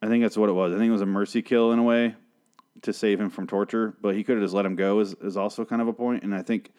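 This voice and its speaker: Male podcast host, low-ish voice, swears freely, rambles and corrects himself mid-recap. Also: steady tone, quick pace, a little mellow. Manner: rambling, profane and self-correcting. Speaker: TV show review host. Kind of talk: casual solo recap podcast.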